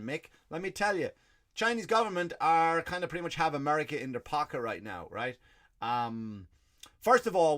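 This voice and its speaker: A man's voice: medium pitch, fairly bright tone. An Irish man hosting a comedy podcast, ranting in a loose stand-up style, swearing freely and answering his own questions. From Ireland. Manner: profane, ranting, self-answering asides.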